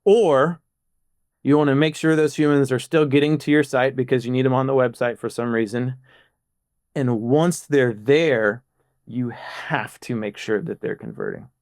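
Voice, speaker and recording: A man guesting on a podcast as a product manager talks through ideas. His mid-range voice jumps up for emphasis in quick bursts. The sound is dry and close. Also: medium pitch, steady tone, darkish tone, no echo. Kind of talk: casual podcast chat.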